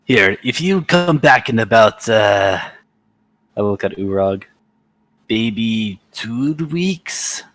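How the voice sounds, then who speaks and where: Slow, low-voiced hesitant male player. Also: lively intonation, a bit bright, dry recording. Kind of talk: tabletop game play.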